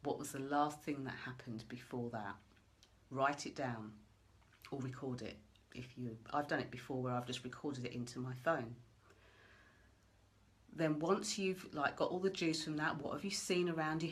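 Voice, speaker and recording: A woman coaching listeners through a goal-setting visualization in a gentle, coaxing way, asking many questions. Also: sits low, moderate pace. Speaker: motivational coach. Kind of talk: guided visualization talk.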